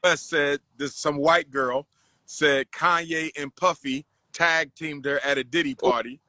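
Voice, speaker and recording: A man talks like a preacher, hammering his points by repeating them. His voice is bright and forceful, a touch higher than most men's, and the sound is dry and close. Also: fairly even intonation, unhurried, no echo. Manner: preacherly, emphatic, repeats phrases. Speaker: host. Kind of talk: casual street interviews and commentary.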